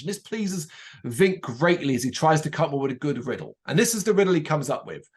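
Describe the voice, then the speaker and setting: A man's voice: fairly high pitch, brisk. A man co-hosting a podcast, casually recapping a TV episode and acting out the lines he quotes. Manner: animated retelling, acts out quotes. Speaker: podcast co-host.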